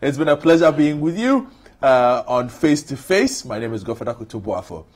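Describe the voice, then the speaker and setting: A man hosting a one-on-one interview, asking questions in a calm, courteous way. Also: mid-range voice, normal speed. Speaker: interview host.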